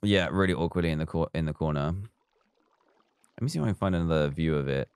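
A man streaming a building game, talking in an easy, conversational way. His voice sits low and sounds clean and resonant, recorded close and dry with no room around it. He drifts between reading out viewer messages and quietly counting as he builds. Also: quick pace, clear, resonant tone, dry recording. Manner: chatty, reads viewer comments aloud and counts blocks under his breath. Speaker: live streamer. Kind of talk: casual live-stream chat while building in a game.

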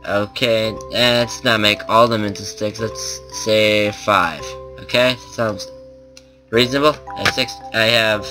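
A man's voice: lowish voice, bright, forceful tone. A man giving casual gameplay commentary as a let's play host, rambling and thinking aloud with lots of fillers.

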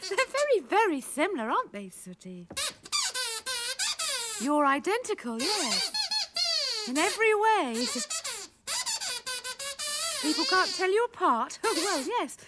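A woman's voice: very high-pitched, very animated, a little slow, pauses often, heavy background noise. A woman presenting a children's TV show, chatting with puppets in a coaxing, exclaiming, mock-exasperated way.

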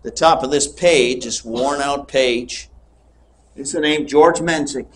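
An older preacher in his sixties delivers his sermon slowly and deliberately. His pitch sits in the middle, and he leans into his emphases. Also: slight background noise. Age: 60s.

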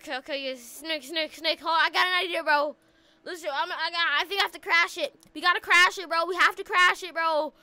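A woman hosting a gaming channel, chatting casually and excitably through a roleplay, stammering and slangy when alarmed. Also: very high-pitched, a little fast, no echo. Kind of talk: casual roleplay commentary over gameplay.

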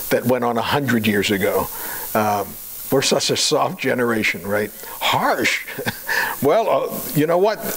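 A man preaching a sermon, chatty and full of fillers and rhetorical questions, slowing down to a deliberate cadence for scripture readings. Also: medium pitch, slight background noise, poor audio. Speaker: pastor.

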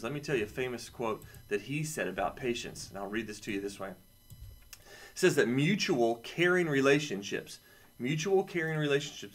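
A man with a son, teaching a casual lesson to children with playful, jokey asides. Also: medium pitch. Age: adult, has a son. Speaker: camp teacher for kids.

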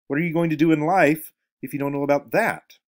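A man's voice: mid-range voice, lively intonation, a little fast, darkish tone, close to an everyday voice. A man reading aloud the lines of an older man who asks question after question in disbelief. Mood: incredulous. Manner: incredulous, pressing questions.

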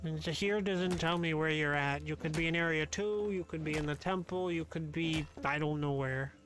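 A male streamer chatting casually while playing a game, quick to laugh and talking to his viewers. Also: on the high side, a bit bright, faint music behind. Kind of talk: casual gaming stream chat.

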